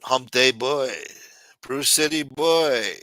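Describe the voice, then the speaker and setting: A man's voice: mid-range voice, slow, bright, forceful tone, no room sound. A man hosting a late-night livestream, chatting loosely and profanely while answering viewers in the chat. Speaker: livestream host.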